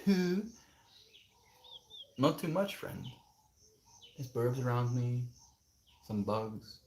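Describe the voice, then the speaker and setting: A man talking casually to his livestream audience from a quiet outdoor spot. He reads viewers' messages aloud and mulls them over, thoughtful and easygoing. His pitch sits in an ordinary middle range. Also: animated, extremely slow, slight background noise. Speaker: livestreamer reading chat.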